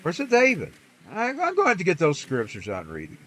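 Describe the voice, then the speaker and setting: A man's voice: high voice, wildly swooping pitch, quick pace, a bit bright. A man chatting while he plays, rambling in a folksy way about faith and scripture. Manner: rambling, folksy, preachy asides. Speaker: streamer. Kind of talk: casual chat while gaming.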